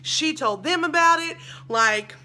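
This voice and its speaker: A woman's voice: high-pitched, expressive, a little slow, sharp tone. A young woman telling a storytime vlog, chatty and dramatic, calling her viewers y'all. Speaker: vlogger.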